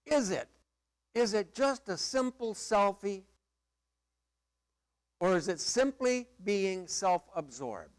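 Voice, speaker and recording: A man's voice: sits high, expressive, slow pace, pauses often. A middle-aged male pastor preaching a sermon in a conversational, emphatic way with playful asides.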